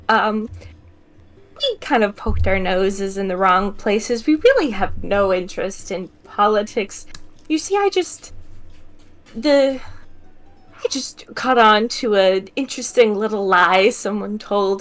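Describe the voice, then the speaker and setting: A woman voicing a polite, nervous young woman traveler who rambles as she pleads. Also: fairly high pitch.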